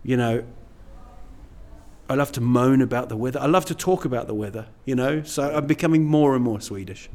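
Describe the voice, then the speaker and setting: A man's voice: medium pitch, brisk, a little mellow. Rambling middle-aged male comedian. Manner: rambling, self-deprecating, many "you know"s. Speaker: stand-up comedian, guest. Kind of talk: casual interview chat.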